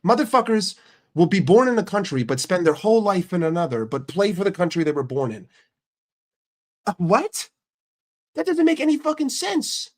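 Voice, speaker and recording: A brash young American streamer and channel host rants casually, swearing heavily and hopping from topic to topic. His somewhat high voice shifts between quick, punchy bursts and slow, mocking asides.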